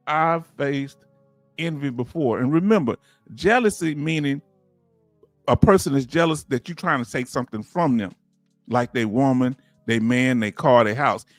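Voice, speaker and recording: A Southern man hosts a casual livestream, his voice sitting a little high for a man. He talks in an animated, preachy way and keeps firing rhetorical questions at the chat. The sound is dry and close, with faint music under it. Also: no echo. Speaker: livestream host.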